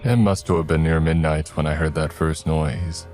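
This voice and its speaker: Very deep-voiced man narrating horror. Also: steady tone, normal speed, darkish tone, faint music behind. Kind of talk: first-person horror narration.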